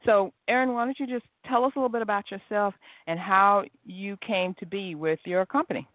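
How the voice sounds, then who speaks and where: A woman's voice: mid-range voice, steady tone, brisk, no echo. A woman hosting a podcast interview, bubbly and chatty. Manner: bubbly, chatty, laughs easily. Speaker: host. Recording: dry, tinny phone-line audio.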